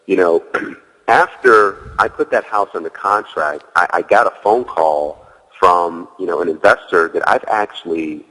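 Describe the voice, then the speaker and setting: A man's voice: low voice, unhurried, bright, forceful tone, long reverb tail, rough recording. A man as a guest in an interview, telling a story casually, leaning on "you know" and acting out his own dialogue. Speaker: guest, real estate wholesaler.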